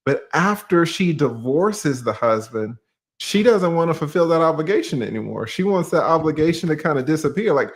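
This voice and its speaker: Man, Southern accent, slightly higher voice, easygoing, rhetorical questions, casual chat. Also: animated, moderate pace. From Georgia. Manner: laid-back, laughs often, rhetorical questions. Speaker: attorney guest.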